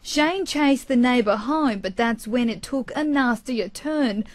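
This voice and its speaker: Australian female reporter, news voice-over, slightly high voice. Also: measured pace, no room sound. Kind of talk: scripted news narration.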